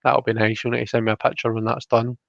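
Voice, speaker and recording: A man hosts a casual live stream at home, talking through tarot cards and greeting his chat. His voice is gravelly and level, and his words run together quickly. The sound is dry and dull, like a basic computer mic. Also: medium pitch, level tone, dry recording. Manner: talks fast and mumbles when absorbed.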